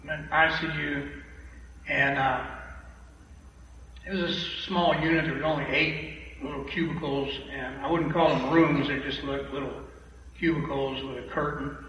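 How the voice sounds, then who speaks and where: A man giving an animated, emphatic testimony to a church congregation, repeating phrases for effect, heard from a distance in a large hall. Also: fairly high pitch, normal speed, pauses often. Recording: echoey hall from far off, dull and noisy.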